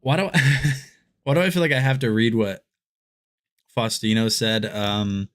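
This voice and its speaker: A man's voice: medium pitch, fairly even intonation, measured pace, fairly bright tone. Rambling, laughing male stream host. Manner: laughs often and rambles with restarts. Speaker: livestream shopping host. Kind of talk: casual live-stream chat.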